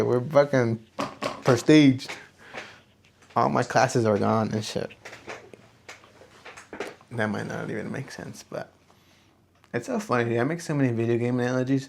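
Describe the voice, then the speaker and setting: A man's voice: medium pitch, vocal fry. A young man hosting a solo podcast, talking to camera in a rambling, profane, self-reflective way. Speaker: podcast host. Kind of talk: casual solo talk to camera. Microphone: camera on a small tripod.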